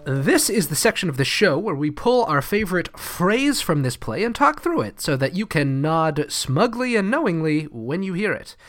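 A man co-hosting a podcast, leading a segment in a relaxed, conversational way. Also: fairly high pitch, moderate pace, hardly any pauses, faint music behind. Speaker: podcast co-host. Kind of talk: casual chat.

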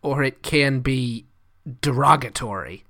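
A man co-hosting a podcast, leading a segment in a relaxed, conversational way. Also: mid-range voice, measured pace. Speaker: podcast co-host. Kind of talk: casual chat.

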